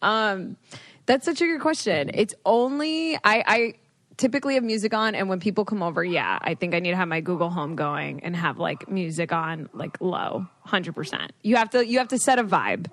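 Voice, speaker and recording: A woman's voice: fairly low pitch, normal speed, fairly bright tone, no room sound. A woman co-hosting a podcast, chatting in a playful, teasing way. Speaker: podcast co-host. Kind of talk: casual chat.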